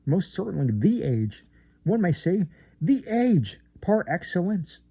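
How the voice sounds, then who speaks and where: A man's voice: high-pitched, big pitch swings, unhurried, creaky, mellow, husky, no echo. A man reading a classic short story aloud in a theatrical way, with rising emphasis and occasional stumbles. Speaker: reader.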